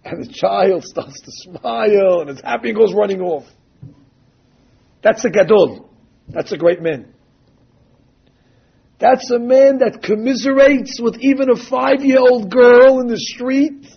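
A man's voice: very high-pitched, unhurried, gravelly, long pauses, breathy edge. A man giving a sermon as a religious teacher, telling stories and quoting texts emphatically, drawing out key phrases. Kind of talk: sermon with storytelling. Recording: dull lo-fi recording.

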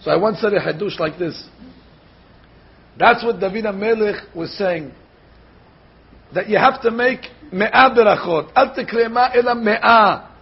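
A man giving a Torah class as a rabbi, animated, slowly sounding out words to show how they should be said. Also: sits high, gravelly, breathy edge. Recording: dull lo-fi recording.

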